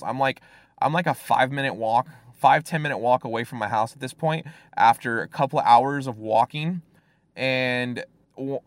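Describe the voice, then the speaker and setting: Young guy from fresno telling a story, lots of likes and ums, dry sound, no room echo. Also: medium pitch. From Fresno, California. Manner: rambling, many fillers and restarts. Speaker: guest storyteller. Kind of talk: casual personal storytelling.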